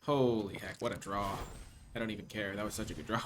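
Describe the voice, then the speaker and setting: A man streaming a card game, talking low-key and joking, then breaking into loud theatrical cheers. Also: fairly even intonation, brisk, slight background noise. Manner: playful, jokey asides. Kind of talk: live game-stream commentary.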